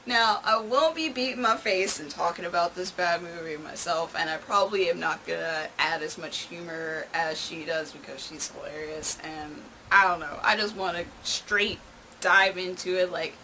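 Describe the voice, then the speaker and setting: A woman's voice: on the low side, normal speed, pushed and bright, slight background noise, low-quality recording. A woman hosting her own movie review channel, chatty and openly sarcastic. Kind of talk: casual video review.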